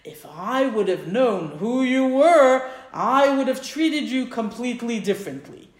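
A woman's voice: low-pitched, fast talker, gravelly, warm tone, voice pushed down. A woman voicing a distraught, apologetic male innkeeper who pleads and repeats his apologies. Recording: roomy echo.

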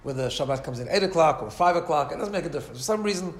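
In an echoey room, a man with a highish voice and lively intonation teaches a Torah class at rapid-fire speed. The rabbi stays conversational, repeatedly asks "right?", and acts out quoted voices.

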